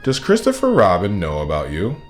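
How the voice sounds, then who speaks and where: Man doing Pooh, a gentle honey bear. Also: low voice, wildly swooping pitch, brisk, soft background music. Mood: mild. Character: gentle simple male teddy bear.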